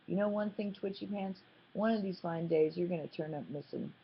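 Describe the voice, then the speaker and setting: A woman's voice: on the low side, fairly quick, slightly rough. A woman reading a cheeky, teasing farm boy. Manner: teasing, sassy. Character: cheeky teenage boy, teasing his sister. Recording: slightly muffled, dull audio.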